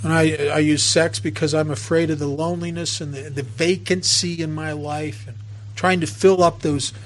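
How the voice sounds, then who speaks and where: A man's voice: fairly high pitch, fairly even intonation, normal speed, a little hiss or hum. A man speaking at a recovery meeting, telling stories from his own life in an earnest way with many restarts. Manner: earnest, storytelling, frequent restarts. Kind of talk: personal talk at a meeting.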